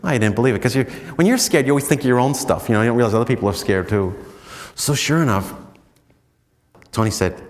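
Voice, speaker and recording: An American man, a priest, telling stories in a chatty, self-mocking retreat talk full of "you know"s, and often breaking into animated high swoops. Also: quick pace, long reverb tail. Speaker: priest giving a spiritual talk.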